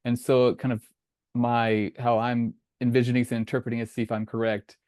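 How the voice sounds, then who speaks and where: A man's voice: medium pitch, level tone, fairly quick, darkish tone, clear, resonant tone, no echo, clean studio sound. A man hosting an interview, asking questions and thinking aloud with hesitant rephrasing over a video call. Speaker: podcast host.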